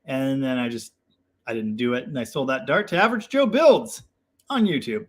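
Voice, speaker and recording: A man's voice: medium pitch, expressive, moderate pace. A young man hosting a casual live chat, reading viewer comments and rambling in a self-deprecating way with lots of fillers.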